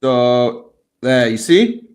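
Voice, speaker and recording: A man of middling pitch leads a live design tutorial. He talks in a chatty way and walks the viewers through each step on screen. His voice sits right in the middle of the male range. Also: big pitch swings, very slow, darkish tone. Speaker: tutorial host. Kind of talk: live software lesson.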